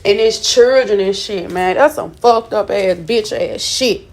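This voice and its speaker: A woman's voice: mid-range voice, unhurried, slight background noise. A shaken woman, just woken from sleep, venting angrily to her viewers with heavy swearing and repetition. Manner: profane, repetitive, agitated. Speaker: vlogger. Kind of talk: angry venting to camera.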